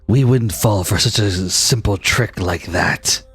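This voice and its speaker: A man doing low, sneering vampire thugs. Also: fairly bright tone, slightly rough, heavily acted. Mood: smug. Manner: mocking, drawn-out.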